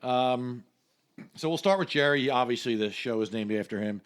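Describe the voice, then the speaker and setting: A man co-hosting a podcast, talking in an animated, casual way as he lists favorite one-liners. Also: mid-range voice, moderate pace, smooth.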